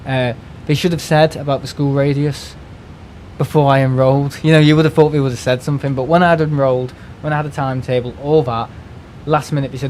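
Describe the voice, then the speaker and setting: A man's voice: medium pitch, steady tone, fast talker, darkish tone, a little hiss or hum. A man, chatting casually during a live stream, rambling and exasperated, restarting words and swearing freely. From United Kingdom. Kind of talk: casual ranting chat.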